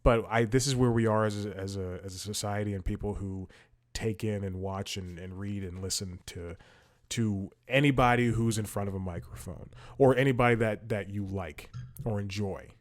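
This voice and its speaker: A man with a somewhat low voice talks through his thoughts in a loose, casual podcast style. He rambles, restarts his sentences and leans on fillers while he scrolls through something as he speaks. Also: moderate pace. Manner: multitasking while talking, scrolling. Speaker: podcast host. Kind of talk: casual commentary.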